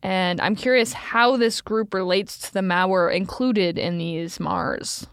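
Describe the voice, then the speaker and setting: A woman co-hosting a podcast in casual chat, playful and punning, quick to laugh. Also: mid-range voice, fairly even intonation, vocal fry, dry recording, studio quality. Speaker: podcast co-host.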